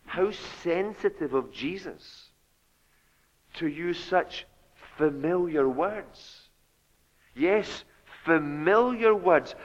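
A man preaching a sermon, slow and deliberate, rising to loud, fervent exhortation. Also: on the high side, animated. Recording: long hall reverb, dull lo-fi sound.

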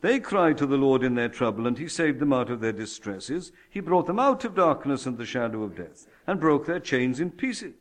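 A man preaching a sermon, alternating loud proclamations with slow, hushed, tender passages and emphatic repetition. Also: fairly high pitch.

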